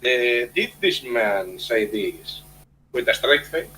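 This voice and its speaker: Blunt guest guy, lively swingy voice, faint hum behind. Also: medium pitch, takes it slowly, low-quality recording. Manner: blunt, emphatic, swears. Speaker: returning guest. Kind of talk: casual chat. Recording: faint background noise and hum.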